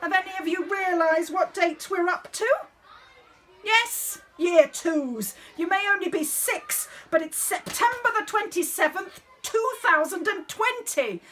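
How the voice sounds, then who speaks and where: A woman's voice: very high-pitched, unhurried, a bit bright. A woman playing a theatrical, bossy drama director. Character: fussy bossy woman directing a school nativity. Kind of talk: comic monologue.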